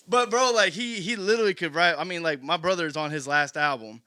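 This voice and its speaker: Bright, animated man telling stories. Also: on the high side, fast talker. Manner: animated storyteller, laughs while quoting others. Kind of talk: casual chat.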